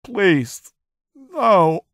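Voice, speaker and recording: A man voicing a terrified, tortured captive who begs in high, strained cries. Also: very animated, extremely slow, creaky, no room sound, studio quality, exaggerated voice. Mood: begging. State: sobbing in pain.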